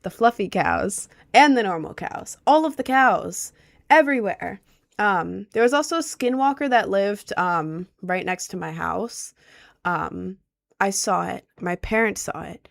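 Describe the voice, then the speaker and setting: A woman's voice: mid-range voice, animated, a little slow, creaky. A woman of about twenty from Maryland, chatting casually on a livestream and answering chat with lots of ums. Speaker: livestream host.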